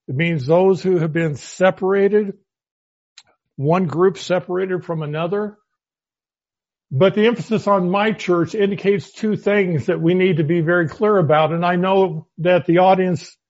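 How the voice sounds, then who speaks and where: A man leads a Bible study in a measured sermon style and quotes long scripture passages. His voice sits a little high for a man. The recording sounds dull and lo-fi. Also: a little mellow. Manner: measured, quoting scripture at length. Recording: muffled lo-fi audio.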